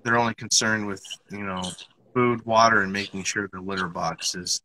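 A man's voice: on the low side, fairly even intonation, normal speed, bright, forceful tone, poor audio. A man hosting a casual podcast interview, asking questions with many hesitations and restarts. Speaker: podcast host.

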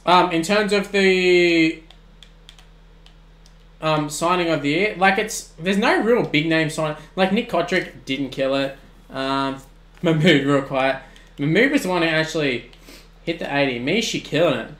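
A young man, commentating his own video game on a live stream in excitable bursts, often shouting. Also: on the high side, measured pace, reverberant. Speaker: gaming streamer.

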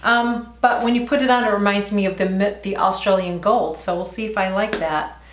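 A middle-aged woman at a mid pitch, talking through her makeup routine in a chatty, easygoing way. Her voice bounces around an echoey room at home. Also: fairly even intonation, moderate pace, a little hiss or hum. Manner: chatty, talks while applying makeup. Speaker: beauty vlogger. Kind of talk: casual makeup tutorial.

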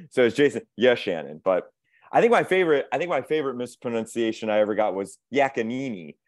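A man's voice: mid-range voice, big pitch swings, brisk, no room sound, clean studio sound. A man in his forties, an actor and author, chatting as a podcast guest over a video call, self-deprecating and laughing often. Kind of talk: casual video-call chat.

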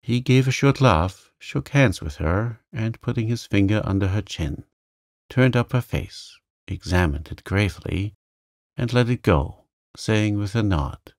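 A man reading a bedtime story aloud in a gentle, soothing, calm way. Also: on the low side, measured pace, dry recording, studio quality. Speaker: narrator.

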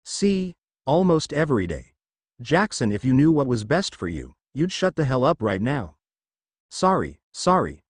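Guy reading as a sheepish jokey teen boy, quick apologies, bouncy pitch. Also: sing-song, dry recording, clean studio sound. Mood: wisecracking. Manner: joking, apologetic.

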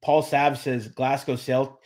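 A man's voice: mid-range voice, little pitch movement, slow pace, a little mellow. A man hosting a live show, chatting casually, reading viewer comments and thanking them by name, with lots of fillers and restarts. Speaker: podcast host reading live chat. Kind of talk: casual livestream chat.

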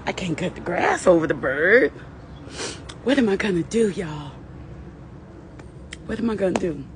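A woman's voice: fairly low pitch, expressive, measured pace, pauses often, slight background noise. A tearful woman live-streaming from her yard, talking emotionally and repetitively to her viewers. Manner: emotional, repetitive self-talk, nervous laughs. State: tearful, on the verge of crying. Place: outdoors in a yard by the lawn.

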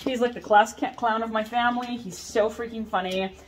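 A woman in her thirties walks through her corset designs in a casual vlog. She talks in an animated, chatty way, with asides that poke fun at herself, from a workshop under a tin roof. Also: a little high, a little fast. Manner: chatty, animated and self-mocking, with asides and laughs. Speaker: corset maker showing her collection. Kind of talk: casual product showcase vlog.

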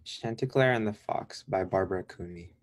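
A young male student reading a picture book aloud in a careful, measured way. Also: sits low. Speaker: student reader.

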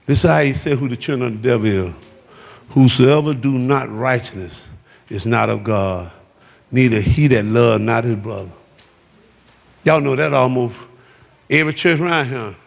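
A man preaching a sermon, shouting and calling out to the congregation in a church. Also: medium pitch, moderate pace, vocal fry, long pauses. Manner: shouting, exuberant preaching with call-outs to the congregation. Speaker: pastor. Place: church sanctuary. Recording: long hall reverb.

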